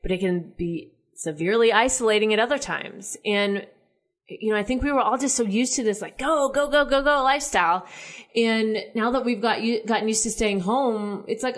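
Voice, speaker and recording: A woman's voice: a little high, normal speed, fairly bright tone. A young adult woman from the United States talking through her thoughts in a casual monologue, full of "like" and "right?". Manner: chatty, heavy use of "like" and "right?".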